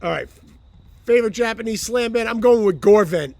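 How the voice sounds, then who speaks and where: High, gravelly middle-aged man chatting. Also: moderate pace, a little mellow, dry recording. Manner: laid-back, swears freely, laughs through stories. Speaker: band member hosting a live Q&A. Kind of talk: casual chat.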